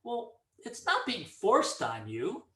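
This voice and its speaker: A middle-aged man holds forth in a casual monologue, his fairly high voice bright and forceful. He tells stories with lots of energy and acts out each exchange. The sound has an echoey, roomy ring. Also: slow. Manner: animated storyteller, acts out dialogue. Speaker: speaker giving commentary. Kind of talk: casual opinion monologue with anecdote.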